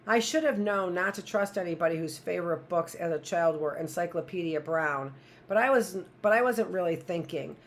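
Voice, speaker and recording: A woman teacher reading a novel aloud in a plain, first-person storytelling voice. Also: fairly low pitch.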